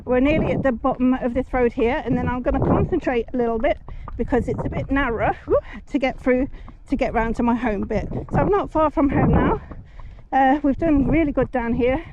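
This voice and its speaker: A woman's voice: sits high, fairly quick. A woman in her forties, chatting casually while riding her horse on a busy road, soothing the horse and thanking passing drivers. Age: 40s. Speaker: horse rider vlogger. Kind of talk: casual story-time chat while riding. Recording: muffled outdoor recording, traffic noise. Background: passing traffic.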